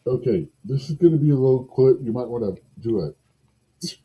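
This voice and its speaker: A man's voice: medium pitch, expressive, moderate pace, dark tone, husky, low-quality recording. A man in a casual podcast conversation, musing and rambling as he tells a folktale, with self-deprecating asides.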